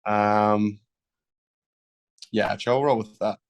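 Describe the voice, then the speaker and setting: A young band member answers interview questions easily, laid-back and full of slang. His voice sits a little low. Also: steady tone, takes it slowly. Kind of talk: casual interview chat.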